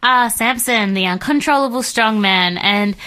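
A woman co-hosts a relaxed Christian radio chat from a studio microphone. Her voice is bright and forward. She talks in a chatty way, laughing often and reading listener messages aloud. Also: a little high, a little slow. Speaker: radio co-host.

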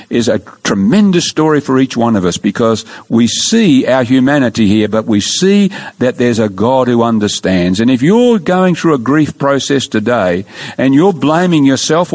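A man preaching a sermon, asking his listeners questions and swinging between rising emphasis and soft, low endings. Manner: rising and falling preacher cadence, asks the congregation questions.

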